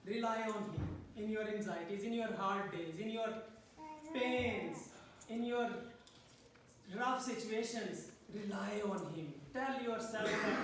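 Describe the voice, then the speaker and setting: Slow, high-voiced preaching man, echoey church. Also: fairly bright tone, a little hiss or hum. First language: not English. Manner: preaching with frequent "Amen?" calls to the congregation. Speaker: pastor. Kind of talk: sermon. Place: church hall. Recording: echoey room from a distance.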